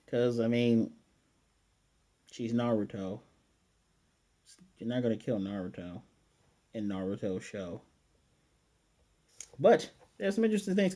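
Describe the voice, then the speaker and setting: A man hosting an anime review, recapping an episode in an excitable, rambling way and slipping into quick character impressions. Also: medium pitch. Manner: excitable and rambling, often restarts sentences. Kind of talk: casual spoken episode recap.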